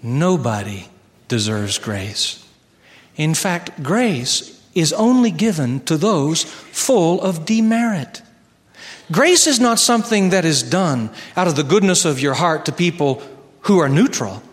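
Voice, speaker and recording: A man preaching a sermon and telling a story, earnest, slowing down for key lines. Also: fairly high pitch, big pitch swings, in a large hall.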